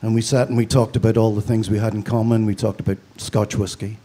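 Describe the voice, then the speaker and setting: A man's voice: on the low side, level tone, fast talker, warm tone. A man from Belfast with a Northern Irish accent, giving a eulogy with dry, storytelling humor. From Belfast, Northern Ireland. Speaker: funeral speaker.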